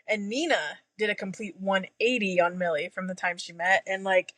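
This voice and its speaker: A woman in her thirties chats casually as a podcast co-host, blunt and quick to swear, laughing often. Her voice sits at an ordinary middle pitch. The recording is close and dry, with no room sound. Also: fairly even intonation, a bit bright, dry recording. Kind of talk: casual book discussion chat.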